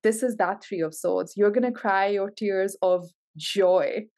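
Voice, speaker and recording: A woman's voice: medium pitch, unhurried, darkish tone. A woman giving a tarot reading to camera, gushing and emotional, full of exclamations. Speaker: tarot reader.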